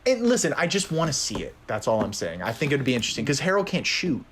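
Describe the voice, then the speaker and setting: A young man co-hosting a casual sports podcast, talking in an animated way that is full of "like" and "dude". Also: medium pitch, quick pace, slight background noise. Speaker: podcast co-host.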